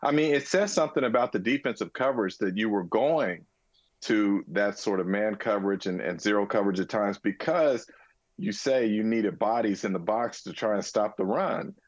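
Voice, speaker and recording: A man's voice: fairly low pitch, moderate pace, no room sound, lo-fi sound. A man co-hosting a casual sports talk show, arguing his points emphatically, almost like preaching. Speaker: co-host.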